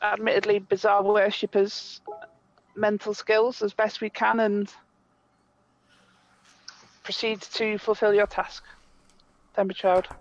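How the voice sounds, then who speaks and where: A man playing a tabletop game, speaking in character with formal, stately phrasing and a gravelly voice. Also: sits high, completely flat delivery, takes it slowly, pauses often, no room sound. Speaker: player. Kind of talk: in-character role-play. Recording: dull lo-fi audio.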